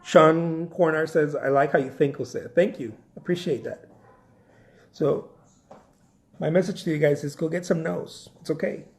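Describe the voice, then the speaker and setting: A man's voice: fairly high pitch, moderate pace. A man, a painter, giving casual motivational career advice to viewers, repeating himself and often asking "right?". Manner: animated, repeats phrases, asks "right?" often. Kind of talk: casual motivational live talk.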